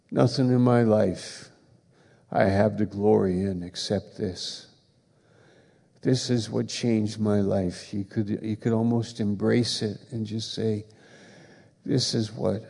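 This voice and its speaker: A man preaching a sermon, slow and emphatic, building to forceful passages. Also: mid-range voice, vocal fry, in a large hall. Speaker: pastor.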